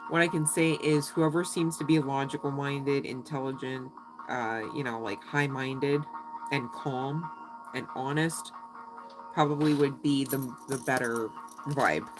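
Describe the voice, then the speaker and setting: A woman's voice: very deep voice, fairly even intonation, measured pace, over music, low-quality recording. A woman giving a casual, chatty tarot reading, giggling often and swearing freely. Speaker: tarot reader.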